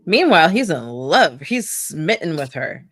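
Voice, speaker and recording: Low-voiced woman chatting casually. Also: big pitch swings, measured pace, no echo, studio quality. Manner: chatty, laughs often, acts out lines in playful voices. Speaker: podcast co-host. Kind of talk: casual book club chat.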